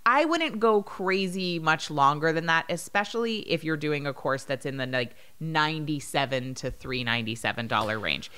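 Animated woman telling stories on a podcast. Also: deep voice, moderate pace, hardly any pauses, smooth. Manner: animated storytelling, lively quoted voices. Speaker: podcast co-host. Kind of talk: casual chat.

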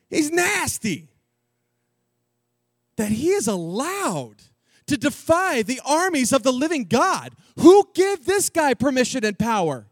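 A male preacher telling a story in an animated, jokey, slangy sermon style. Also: very high voice, measured pace, no room sound, clean studio sound.

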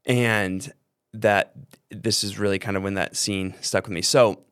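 A man's voice: on the low side, steady tone, unhurried, a bit bright, smooth, no echo, clean studio sound. A young man hosting a podcast, telling a long story in a casual, rambling way full of fillers and restarts. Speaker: podcast host.

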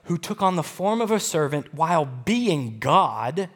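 A male pastor preaching a sermon, expressive and swinging between loud and hushed. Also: fairly high pitch, unhurried.

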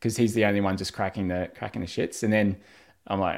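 A man, chatting in a relaxed, rambling way and laughing often. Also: lowish voice, brisk. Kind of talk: casual chat.

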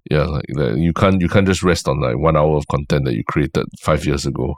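Deep Singaporean host, halting speech. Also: male voice, no echo. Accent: Singaporean English. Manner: halting, repeats words when starting. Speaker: podcast host. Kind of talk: casual podcast chat.

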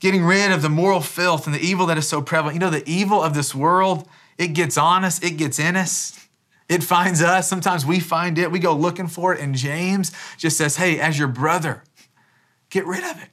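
A man's voice: a little high, fairly even intonation, fairly quick, fairly bright tone. A pastor in his thirties preaching a sermon in a casual, conversational way, often restarting phrases and dropping in "man" as an aside. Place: church.

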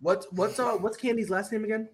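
A man's voice: high-pitched, fairly even intonation, fairly quick, breathy edge. A man co-hosting a casual sports chat, boisterous and emphatic, making bold hyped predictions. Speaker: podcast co-host.

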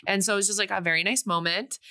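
A woman's voice: mid-range voice, fast talker. A young woman casually recapping a movie on a podcast, animatedly acting out the characters' lines. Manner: animated, acts out characters' lines in big voices. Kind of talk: casual chat.

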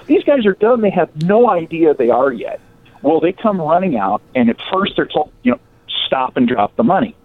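Male storyteller, lively swooping delivery, slightly high voice, tinny phone-like dry sound. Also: normal speed, a little hiss or hum. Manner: animated, acts out quoted voices. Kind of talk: casual storytelling of local history.

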